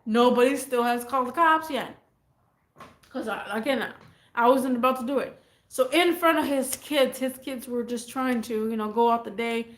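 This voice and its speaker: A woman vlogger telling a neighbor story in a rambling, animated, slangy way. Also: on the high side, echoey room. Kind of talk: casual storytelling.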